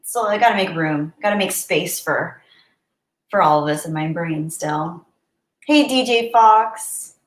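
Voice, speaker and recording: A woman's voice: lowish voice, a little slow. Chatty woman streamer in an echoey room. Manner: chatty, reads viewer messages aloud, soft and heartfelt. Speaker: livestream host. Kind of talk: casual livestream chat. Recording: roomy echo.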